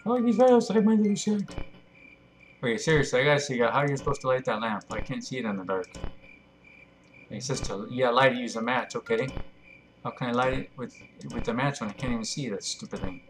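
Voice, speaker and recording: A man's voice: mid-range voice, quick pace, a bit bright. A man giving chatty, jumpy, self-mocking commentary while he plays a horror game. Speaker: gameplay video host. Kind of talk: let's play commentary.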